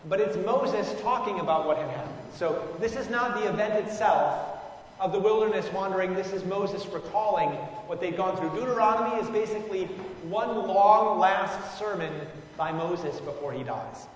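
A man with a fairly high voice teaches scripture in a relaxed, musing way, often pausing and restarting his sentences. He sounds far from the mic in a long, echoing hall with faint background noise. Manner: informal, musing, frequent fillers and restarts. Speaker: Bible study leader. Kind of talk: conversational Bible teaching.

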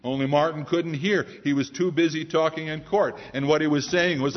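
A male pastor preaching a sermon in a church, swinging from loud declarations to hushed lines. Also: a little high, steady tone, normal speed, hardly any pauses. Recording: dull sound with long hall reverb.

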